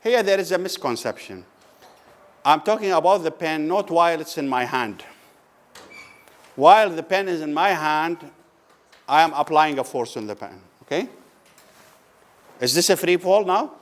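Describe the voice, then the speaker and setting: Man lecturing, slow questioning delivery. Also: fairly high pitch, animated. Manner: asks the class questions and answers them, repeats key words slowly. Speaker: physics lecturer. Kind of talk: classroom lecture. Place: lecture room.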